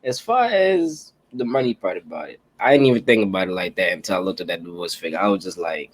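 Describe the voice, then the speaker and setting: A man's voice: lowish voice, very animated, quick pace, few pauses. A man co-hosting a casual podcast, telling stories loosely and profanely. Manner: loose, profane, storytelling with repeated "yo". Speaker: podcast co-host.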